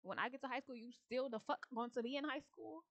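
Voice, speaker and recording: A woman's voice: a little high, a bit bright, no echo. A woman voicing a sassy, foul-mouthed young girl who is indignantly picking a fight in a life-sim game. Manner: indignant, profane, rapid-fire questions.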